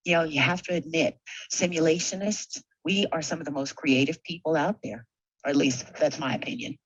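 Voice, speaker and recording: Slow, husky woman giving a rousing talk. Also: low voice, dry recording, muffled recording. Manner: conversational and rousing, with rhetorical questions. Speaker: simulation technologist and conference speaker. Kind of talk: motivational conference talk.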